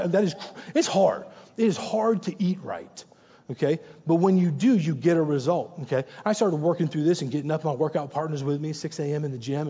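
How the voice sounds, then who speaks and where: A man's voice: fairly high pitch, mellow, breathy edge. A male pastor preaching a sermon in a conversational, anecdotal way, repeating short exhortations for emphasis. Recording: long reverb, dull muffled sound.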